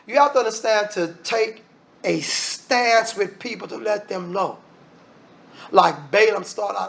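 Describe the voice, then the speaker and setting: A man preaching a lively sermon, firing off rhetorical questions and acting out voices. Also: sits high, a little slow, gravelly.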